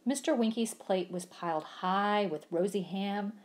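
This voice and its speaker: A woman's voice: medium pitch, a little slow. A woman reading a children's storybook aloud, acting out the sound effects with gusto. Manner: animated, acts out sound effects.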